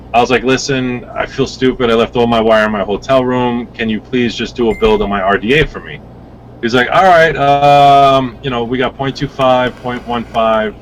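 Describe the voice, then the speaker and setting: Profane, animated man telling a story. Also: medium pitch, a little hiss or hum, poor audio. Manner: profane, animated, acts out quoted dialogue. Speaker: vape reviewer guest. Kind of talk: casual storytelling.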